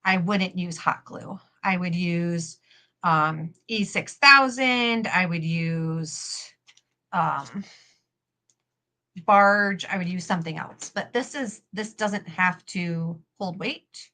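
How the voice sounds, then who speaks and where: Woman, young adult, live-stream host, rambling chatty crafter, bright tone, lowish voice. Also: slow. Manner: chatty, rambling, swears casually, many fillers. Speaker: cosplay prop maker and live-stream host. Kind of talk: casual live-stream chat while crafting.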